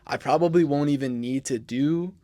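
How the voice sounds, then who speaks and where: A man's voice: mid-range voice, moderate pace, dry recording. Young man, podcast host, laid-back and crude, dry close-mic sound. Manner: laid-back, crude, often trailing off quietly. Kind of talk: casual podcast chat.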